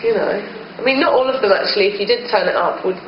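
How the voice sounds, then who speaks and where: A woman's voice: mid-range voice, fast. A woman in a band, musing hesitantly in a casual interview and often saying "kind of". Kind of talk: casual chat. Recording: muffled, noisy, echoey old recording.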